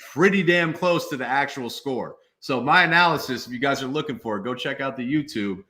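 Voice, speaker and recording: A man's voice: mid-range voice, a little fast, sharp tone. A man in his twenties, a former football player, talking emphatically as a guest in a casual interview.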